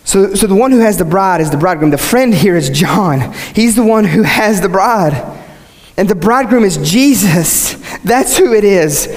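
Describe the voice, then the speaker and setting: High-voiced male preacher in a reverberant hall. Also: animated, moderate pace. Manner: rhetorical questions, repeats phrases, swings from low to high. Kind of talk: sermon.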